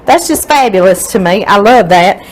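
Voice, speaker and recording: A woman's voice: medium pitch, expressive, normal speed, rough recording. A middle-aged woman from Louisiana with a Louisiana accent, hosting a home cooking show in a rambling, chatty way and talking straight to her viewers. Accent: Southern US, Louisiana. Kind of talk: casual home cooking demonstration. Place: home kitchen.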